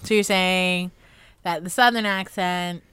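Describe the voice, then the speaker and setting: A young woman co-hosting a casual movie chat podcast, animated and laughing often. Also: fairly low pitch, measured pace, clear, resonant tone, no echo. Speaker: podcast co-host.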